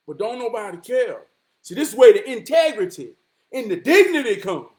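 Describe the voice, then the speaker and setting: Very high-voiced man preaching real talk. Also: very animated. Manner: emphatic, profane, often raises voice to a shout; repeats key lines slowly for weight. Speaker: motivational vlogger. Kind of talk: preachy motivational monologue.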